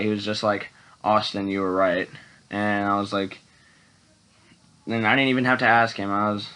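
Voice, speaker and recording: A man's voice: fairly low pitch, fairly bright tone, low-quality recording. A young man rambling through a casual storytime vlog, restarting often and quoting himself with "and I'm like". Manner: rambling, repeats words and restarts, many "and I'm like". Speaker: vlogger.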